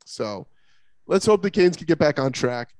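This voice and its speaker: A man co-hosting a casual sports talk podcast, rambling and animated with lots of fillers and restarts. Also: fairly high pitch, normal speed, dry recording. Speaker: podcast co-host.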